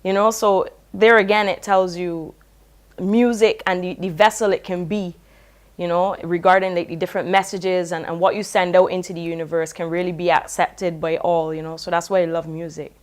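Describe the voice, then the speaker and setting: A woman reggae singer, reflecting in a relaxed, casual interview. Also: on the low side, moderate pace. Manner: relaxed, reflective, with many "you know" fillers.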